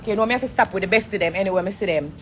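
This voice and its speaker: A woman's voice: medium pitch, very fast, soft background music. A Jamaican woman on a phone live stream, ranting bluntly and cursing from a corner of an airport. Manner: blunt, confrontational, swears freely. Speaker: entertainer on a social media live. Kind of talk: heated live-stream rant.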